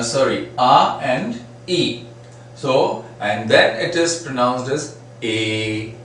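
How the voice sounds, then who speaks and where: A man teaching a phonetics lesson, repeating example words slowly and asking "right?" often. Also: medium pitch, fairly bright tone. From India. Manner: frequent "right?" and "uh, say" fillers. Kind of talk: phonetics lecture. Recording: echoey room, mic at a distance, faint noise.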